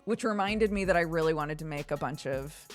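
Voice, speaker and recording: A woman's voice: sits low, a little fast. A woman streamer chatting casually with her viewers, laughing often and telling stories animatedly. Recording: faint background music.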